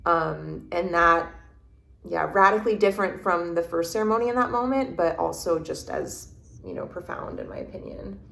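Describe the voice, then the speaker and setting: A woman with a lowish voice recounts a personal experience as an interview guest. She halts and restarts often while searching for words. The room around her sounds echoey. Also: normal speed, gravelly, a bit bright. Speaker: podcast guest. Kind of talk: reflective interview storytelling. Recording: roomy echo.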